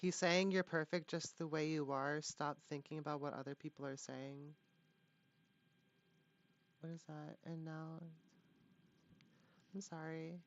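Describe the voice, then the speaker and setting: A woman giving a live tarot reading, talking in a halting way with many fillers and restarts. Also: sits low, fairly even intonation. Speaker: tarot reader. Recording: dull lo-fi, dry sound.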